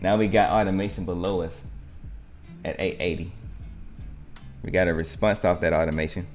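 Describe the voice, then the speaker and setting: A man's voice: low voice, fairly even intonation, normal speed, faint music behind. A man hosting a live trading stream, narrating market moves in a rambling, think-aloud way.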